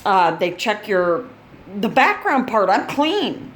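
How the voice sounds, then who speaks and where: A woman's voice: mid-range voice, sing-song, takes it slowly. An older woman chatting casually in a video update, rambling and blunt and laughing at her own stories. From Chicago. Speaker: gaming channel host.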